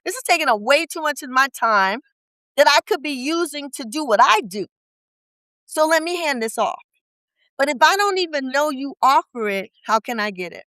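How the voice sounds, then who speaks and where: A woman's voice: high voice, expressive, normal speed, pushed and bright, no room sound, rough recording. A woman business coach talking in a podcast interview, blunt and colloquial, firing off rhetorical questions with emphasis. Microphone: podcast studio mic.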